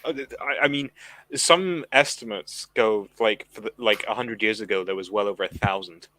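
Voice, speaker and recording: A man's voice: on the low side, moderate pace, sharp tone. A man chatting on a live online stream. He jokes, teases the others and laughs often. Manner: joking and teasing, laughs often. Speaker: panelist on a live talk stream. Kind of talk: casual chat. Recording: noisy mic with clicks.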